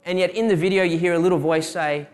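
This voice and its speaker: A young man delivers a sermon, moving between personal stories and a string of rhetorical questions. His voice sits a little higher than most men's. He speaks with a personal, testimony-like directness. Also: fairly even intonation, fast talker. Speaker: preacher giving a testimony.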